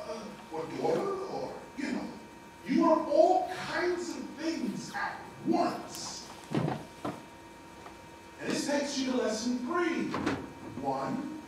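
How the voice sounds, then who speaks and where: A man giving a spiritual lecture, preachy and animated, with slangy street talk. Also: very high-pitched, heavy reverb, distant mic, background noise. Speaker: spiritual teacher.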